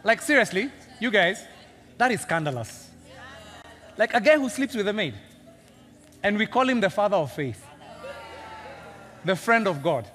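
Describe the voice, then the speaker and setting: Animated preacher in a big hall. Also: male voice, high-pitched, measured pace, pauses often. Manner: animated, joking, teasing the congregation. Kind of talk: sermon. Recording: long reverb of a big hall.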